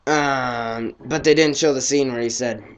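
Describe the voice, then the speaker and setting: A teenage boy casually reviewing a film, excitable and rambling, his voice often trailing off quietly. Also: medium pitch, a little slow, clear, resonant tone.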